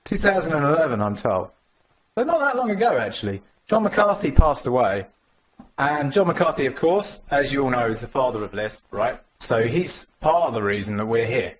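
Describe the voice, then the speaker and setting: A man giving a live conference tech talk with a demo, animated and joking, talking to the audience. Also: mid-range voice, normal speed. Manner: animated, jokey, mimics others in voices. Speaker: conference speaker. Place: conference room.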